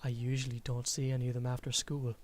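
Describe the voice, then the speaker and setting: A man's voice: mid-range voice, level tone, quick pace, a little mellow, slight background noise. A man reading a visual novel aloud and commenting, self-deprecating and often restarting words. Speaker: game streamer.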